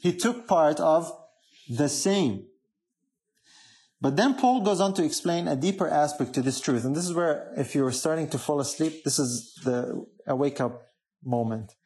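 A man's voice: fairly high pitch, animated, unhurried, warm tone. A man preaching a sermon, emphatic, often asking the congregation questions.

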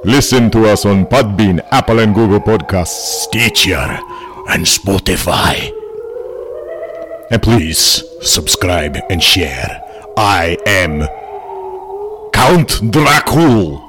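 A man's voice: expressive, slow pace, over music. A man putting on the voice of a theatrical vampire count to open a podcast. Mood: hammy spooky. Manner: hammy, booming spooky welcome. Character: theatrical male vampire count, spooky host.

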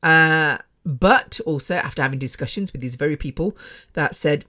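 A woman's voice: deep voice, moderate pace, sharp tone. Frank, rambling woman. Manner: rambling, emotional and frank, with frequent laughs and restarts. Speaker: podcast host. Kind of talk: candid personal podcast monologue. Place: her bedroom. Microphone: microphone.

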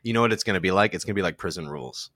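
A man's voice: low voice, rapid-fire, fairly bright tone, dry recording, studio quality. A man co-hosting a podcast, talking in a teasing, sarcastic way. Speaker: podcast co-host. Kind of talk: casual banter.

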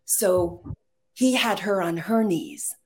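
A playwright and screenwriter from Texas, middle-aged, swaps stories as a guest in informal conversation, her voice on the low side. Her delivery is animated and punctuated by frequent laughter.

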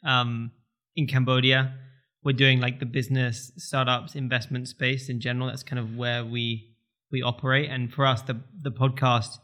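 Male guest, bright tone, measured and businesslike. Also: mid-range voice, flat delivery. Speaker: podcast guest. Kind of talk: casual interview chat.

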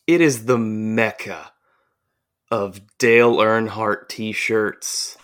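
A man with a somewhat low voice tells a long story in casual podcast chat. He rambles, swears freely and gets animated as he describes the scene. He grew up in the American South. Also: drawn-out words, a little hiss or hum. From southern United States. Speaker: podcast co-host.

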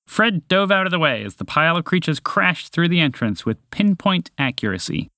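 Lively male storyteller, dry close sound. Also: fairly high pitch, no room sound. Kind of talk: scripted narration.

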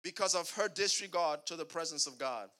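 A man's voice: fairly high pitch, fairly quick, bright, forceful tone. A male pastor preaching a sermon, calling out to the congregation and asking it to answer back. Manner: preaching with call-and-response to the congregation.

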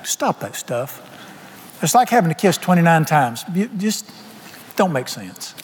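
A man's voice: on the high side, big pitch swings, a little slow, husky. A man preaching a sermon in a church, folksy and humorous, with plain colloquial speech. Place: church sanctuary. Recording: long hall reverb, faint music.

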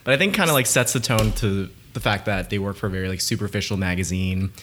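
Low-voiced laid-back man co-host, hedgy. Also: fast talker, a bit bright. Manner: laid-back, hedging with likes and kindas. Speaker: podcast co-host. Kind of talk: casual movie chat.

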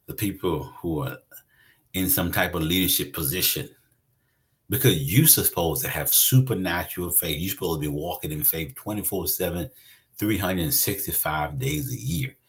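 A man's voice: deep voice, moderate pace. A man preaching a conversational sermon, emphatic and repeating his phrases for weight.

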